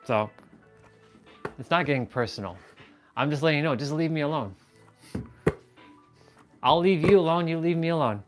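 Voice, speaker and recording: A man's voice: fairly high pitch, lively intonation, normal speed, pauses often, faint music behind. A young man hosting a casual livestream, rambling in an exasperated way with frequent laughs and offhand swearing. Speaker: livestream host.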